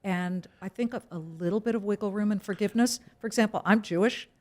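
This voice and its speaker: A woman's voice: medium pitch, fast. A middle-aged woman, a TV news anchor, speaking frankly and emphatically as an interview guest. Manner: frank, emphatic, animated storytelling. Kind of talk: casual interview conversation.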